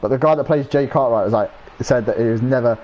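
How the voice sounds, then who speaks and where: A man's voice: mid-range voice, quick pace, darkish tone, highs cut off. A young man rambling in casual chat while streaming a game, swearing freely and losing his train of thought.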